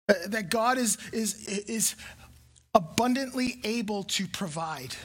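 A woman preaching a sermon, emphatic and deliberate, repeating key phrases with pauses between them. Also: medium pitch, expressive, husky.

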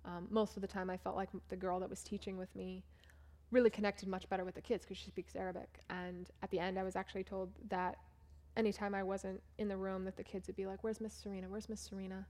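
A young woman talks about her teaching trip in a loose, chatty way. Her speech is peppered with "like" and "um", and she slips into the voices of the people she quotes. Her pitch sits in a middle range for a woman. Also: level tone, fast talker, a little mellow. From United States. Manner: chatty, full of "like" and "um", acts out what others said. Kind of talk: casual storytelling talk over photos.

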